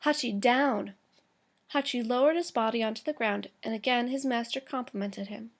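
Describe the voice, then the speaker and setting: Woman teacher, higher voice, reads a chapter aloud to the class, slow, fixes her own slips. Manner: slow, careful reading with small stumbles and self-corrections.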